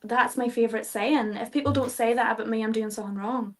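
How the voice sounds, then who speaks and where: A woman's voice: on the high side, fast, a little hiss or hum. A young Irish woman, a fighter guest in an interview, talking casually, swearing freely and laughing often. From Ireland.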